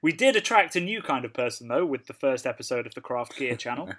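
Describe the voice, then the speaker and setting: A man co-hosting a casual podcast, telling stories in a relaxed, chatty way and laughing along. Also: mid-range voice, quick pace. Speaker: podcast co-host. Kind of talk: casual chat.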